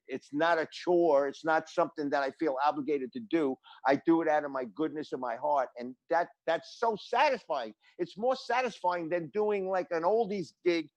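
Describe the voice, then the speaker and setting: A man's voice: fairly high pitch, no room sound. Rambling older New man, dry sound. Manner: animated, rambling, with many restarts. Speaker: celebrity guest drummer. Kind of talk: casual interview storytelling.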